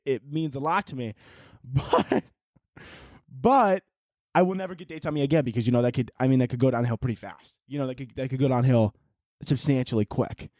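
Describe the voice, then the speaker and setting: A man's voice: a little high, darkish tone, no room sound. Young man rambling on his podcast, dry close sound. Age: young adult. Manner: rambling, self-mocking, swears casually. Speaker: podcast host. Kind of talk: casual solo podcast monologue.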